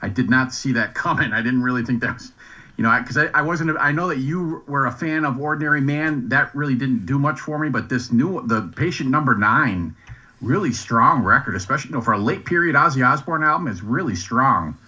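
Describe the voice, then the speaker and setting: Bright man on dull lo-fi remote audio. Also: mid-range voice, a little fast. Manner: enthusiastic, searches for words. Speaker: guest podcaster. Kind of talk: casual chat.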